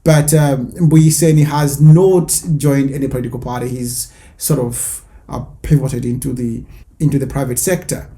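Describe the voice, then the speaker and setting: A man hosting an online news commentary show, explaining events in a measured way with some fillers. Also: mid-range voice, fairly even intonation, vocal fry, dark tone.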